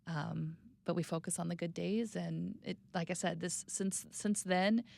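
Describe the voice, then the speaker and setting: A woman in her thirties speaking candidly and reflectively as an interview guest, sometimes dropping to a soft, quiet voice. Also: steady tone, measured pace, gravelly. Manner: reflective, plainspoken, drops to a soft low voice on hard news.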